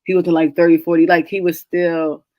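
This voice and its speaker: A woman's voice: fairly low pitch, normal speed, dry recording, lo-fi sound. Woman host of a book chat, stuffy from a cold, chatty and giggly, dry close sound. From New England. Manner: chatty, laughs often, animated storytelling. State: congested from a cold. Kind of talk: casual chat.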